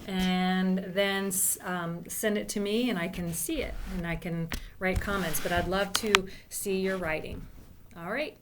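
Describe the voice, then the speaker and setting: A woman's voice: mid-range voice, fairly even intonation, a little slow, background noise. A woman teacher giving a recorded writing lesson to young students, patiently explaining step by step and sounding out letters. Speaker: elementary school teacher.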